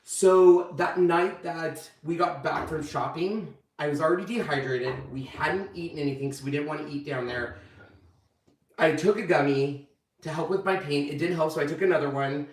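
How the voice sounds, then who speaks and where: A man's voice: normal speed, echoey room, distant mic, low-quality recording. A man hosting his own channel, casually telling viewers a story and acting out the quotes. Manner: animated, acts out quotes with big pitch jumps. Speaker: channel host.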